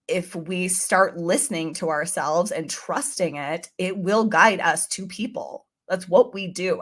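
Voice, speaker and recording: A woman guest on a podcast, telling a personal story in an earnest, chatty way and acting out her own past thoughts. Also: on the low side.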